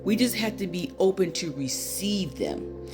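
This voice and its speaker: A woman's voice: medium pitch, lively intonation, measured pace, over music. Tearful woman talking into her phone. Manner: rambling, personal, with many fillers and asides. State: tearful, near crying. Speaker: spiritual channel host. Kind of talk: casual spiritual talk to viewers.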